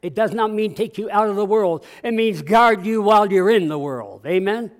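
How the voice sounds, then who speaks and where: Male pastor, higher-pitched voice, folksy call-and-response sermon in a church. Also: animated, normal speed. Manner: conversational preaching with call-and-response, acting out dialogue. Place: church sanctuary.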